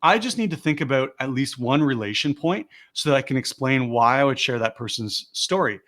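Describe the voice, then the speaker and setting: On a video call, a man teaches a live online sales lesson, explaining each step and then modeling the exact lines he recommends. His medium-pitched voice is expressive, a bit bright, and a little fast.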